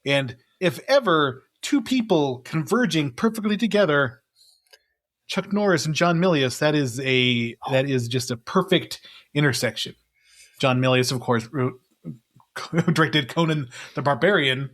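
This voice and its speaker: A man's voice: fairly high pitch, lively intonation, a little slow, fairly bright tone. A man co-hosting a casual movie podcast, rambling through the cast list with frequent chuckles and fillers. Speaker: podcast co-host.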